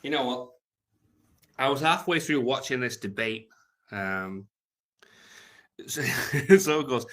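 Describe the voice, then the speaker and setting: A man's voice: medium pitch, animated, slow pace, pauses often. A British man rambling crudely and jokily through an unscripted livestream, reading out viewer comments. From Britain. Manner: rambling, crude, jokey, trails off quietly.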